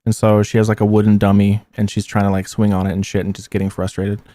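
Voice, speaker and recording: A man's voice: lowish voice, monotone, fast, mellow, no room sound. A man in his thirties who grew up near New Orleans, a band member guest chatting casually and swearing freely. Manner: laid-back, swears freely. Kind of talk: casual interview chat.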